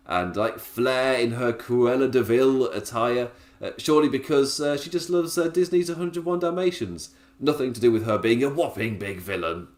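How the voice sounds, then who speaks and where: A man's voice: mid-range voice, reverberant. A man hosting a podcast, recapping in a chatty, casual way with frequent laughs. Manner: chatty, laughs often, restarts sentences. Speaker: podcast host.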